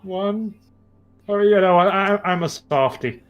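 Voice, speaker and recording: A man's voice: sits high, unhurried, lo-fi sound. A man playing a casual online board game with friends, talking hesitantly and laughing often. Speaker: player acting as sheriff.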